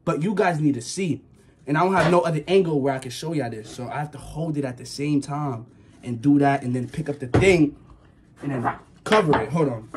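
A nervous young man vlogs casually, his voice a little high with a darkish tone and a faint hiss or hum. He's jittery, keeps insisting he isn't scared, and lets out the occasional yelp.

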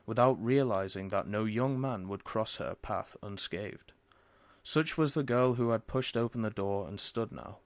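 Guy narrating an old detective story, measured and formal, mid pitch, dry close sound. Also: no echo. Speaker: audiobook reader. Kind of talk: scripted narration.

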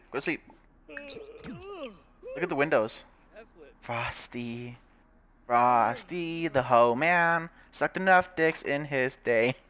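A man's voice: mid-range voice, a bit bright, slight background noise. Crude, chatty young man gaming. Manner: crude, swearing, reads game text aloud, laughs often. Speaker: gaming YouTuber. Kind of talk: casual gameplay commentary.

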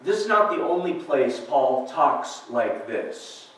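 Man, pastor, sermon, slow, earnest, far from the mic. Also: fairly high pitch, expressive, a bit bright. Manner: earnest, questioning preaching with read-out scripture. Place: church sanctuary. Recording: echoey church recording from far off.

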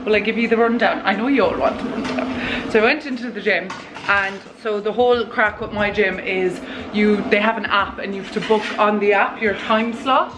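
A twenty-something Irish woman vlogs casually to her phone camera in a mid-range voice at normal speed, rambling and using "lads" and "like" heavily. The background is noisy, with faint music running beneath.

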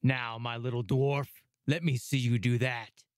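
A man voicing a huge, slow-witted male giant in a storybook reading, gruff and blustering. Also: medium pitch, flat delivery, dry recording, clean studio sound, natural voice.

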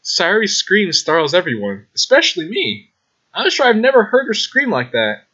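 A man hosting a let's play, reading a visual novel aloud with excitable, swearing reactions. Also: high voice, normal speed. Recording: slightly dull with game music.

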